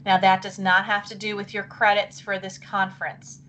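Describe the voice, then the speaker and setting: A middle-aged woman presents a live online session for teachers, chatty and apologetic, thinking aloud as she clicks through. Her voice wavers and she keeps clearing her throat. It sits mid-range with little pitch movement, a fairly bright tone, and normal speed.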